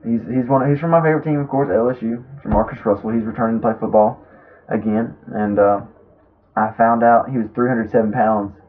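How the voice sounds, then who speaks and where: A man's voice: medium pitch, steady tone, fairly quick. A young man rambling casually through stories, with lots of fillers and restarts. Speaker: vlogger. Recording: tinny lo-fi phone-like sound.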